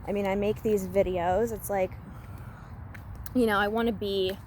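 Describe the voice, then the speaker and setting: A woman vlogging casually while walking outdoors in the woods. She talks in an expressive, engaging way, with lots of fillers. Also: medium pitch, normal speed, a little hiss or hum. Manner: expressive, animated delivery with many fillers. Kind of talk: casual walk-and-talk vlog.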